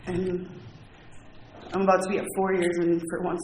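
Guy sharing his story at a meeting, kinda high voice, honest and rambly, noisy echoey room. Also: completely flat delivery, moderate pace. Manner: candid, heartfelt storytelling with frequent "like". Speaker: recovery meeting speaker. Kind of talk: personal testimony to a group.

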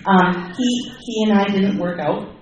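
A woman's voice: medium pitch, unhurried, darkish tone, heavy reverb, distant mic, dull audio, a little hiss or hum. A woman sharing her personal recovery story in a candid, self-deprecating way, with many fillers and restarts. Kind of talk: personal testimony.

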